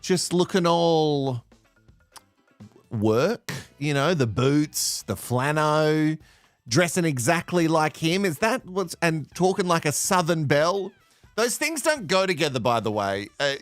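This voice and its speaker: A man's voice: on the high side, no room sound. An Australian man hosting a reality TV recap in casual reaction commentary, mocking the cast and laughing often.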